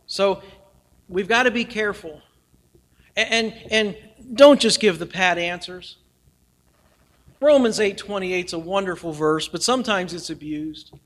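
Bright, high-voiced preacher man. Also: measured pace, pauses often. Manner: earnest, swings from loud emphasis to near-whispers. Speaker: pastor. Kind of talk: sermon.

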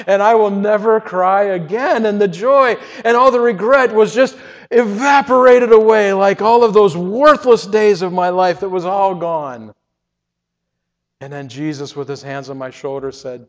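A man telling his own story in the first person, earnest and emotional, often halting and repeating words. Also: high voice. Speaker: storyteller giving a testimony. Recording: reverberant, dull lo-fi sound.

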